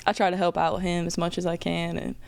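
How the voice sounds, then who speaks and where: Young woman, police K9 handler, casual and giggly, low gravelly voice, dry close sound. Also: flat delivery, a little fast, a little mellow, dry recording. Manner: chatty and laughing often. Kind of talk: casual interview chat.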